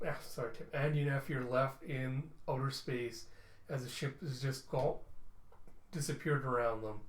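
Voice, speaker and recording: A man casually narrating his way through a comic book as a reviewer. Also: mid-range voice. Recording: roomy echo.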